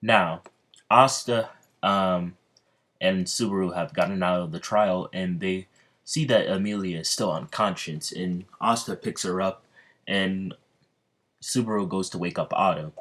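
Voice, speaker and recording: A man narrates a fan-made story in a loose, rambling way, stumbling over words and restarting often. His voice sits deep and low. It sounds off the cuff rather than scripted. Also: fairly bright tone. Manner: rambling, halting, many fillers and restarts. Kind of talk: casual fan-fiction narration.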